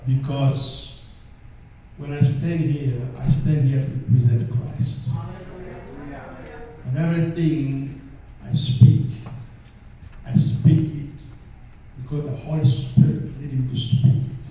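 A man preaching a sermon with an African accent, slow and deliberate, calling for responses from the congregation. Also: mid-range voice, fairly even intonation, warm tone, very echoey, recorded from a distance, a little hiss or hum, poor audio. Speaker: pastor. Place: church.

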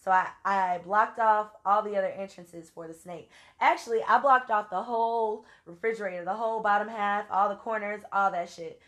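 A woman's voice: mid-range voice, fairly even intonation, normal speed, a bit bright. A woman from Louisiana with a Louisiana accent, telling a story casually and with salty language while acting out her own quotes. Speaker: vlogger.

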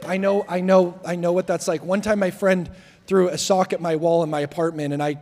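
A young man preaching as a guest speaker, telling jokes and stories in a lively, self-deprecating way. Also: sits high, fairly quick, a little hiss or hum. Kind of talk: sermon. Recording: long hall reverb.

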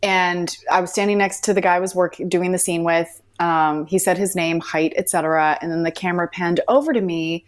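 A woman in her thirties, an actress telling audition stories in an interview, chatty with halting restarts. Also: on the low side, steady tone. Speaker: actress guest. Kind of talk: casual interview anecdotes.

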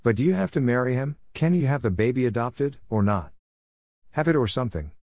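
A man's voice: mid-range voice, lively intonation, fairly quick, no echo, clean studio sound, voice pushed up. A man voicing a stern, disapproving middle-aged mother who speaks with scorn in a read-aloud story. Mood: pleading. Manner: scornful, sharp-tongued. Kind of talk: storybook character voice.

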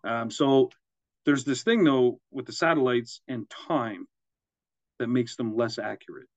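A man's voice: mid-range voice, measured pace, dry recording. A man co-hosting a casual podcast, rambling through examples and laughing at his own jokes. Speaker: podcast co-host. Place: Quebec, Canada.

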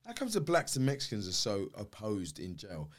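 A man, chatting and asking questions in a podcast conversation, lively and quick with his asides. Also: on the low side. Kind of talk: conversational interview.

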